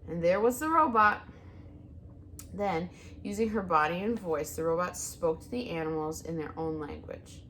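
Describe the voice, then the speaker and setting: A woman reading a children's novel aloud as narrator, with an expressive, animated delivery. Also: fairly low pitch, normal speed, slight background noise. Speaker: audiobook reader. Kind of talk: storybook read-aloud narration.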